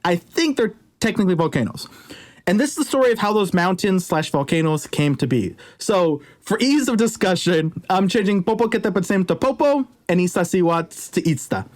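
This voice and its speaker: A man's voice: sits high, expressive, normal speed. A man retelling a legend in a casual, conversational way with jokey asides. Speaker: storyteller. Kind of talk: casual storytelling.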